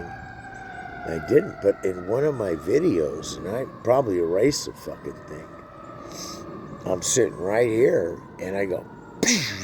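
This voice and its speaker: Sixties man, low dark voice, blunt and profane, rambling vlog outdoors. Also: slight background noise. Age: 60s. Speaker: vlogger.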